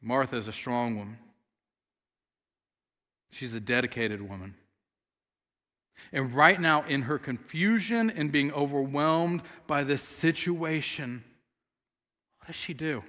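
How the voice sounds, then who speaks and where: A man's voice: mid-range voice, slow, pauses often, sharp tone. A man preaching a sermon as pastor, telling a story earnestly and speaking the sisters' words aloud. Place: church sanctuary. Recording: long hall reverb.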